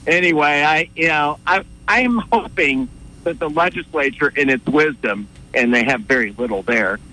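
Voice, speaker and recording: A man's voice: fairly high pitch, normal speed, pushed and bright, low-quality recording. A man calling in to a radio show, chatting loosely with the host, rambling a little. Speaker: caller, former radio colleague. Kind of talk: casual call-in chat.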